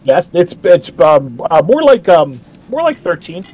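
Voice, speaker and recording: A man putting on a high, flustered elf mother. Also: very animated, unhurried, darkish tone. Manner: hesitant, stammering.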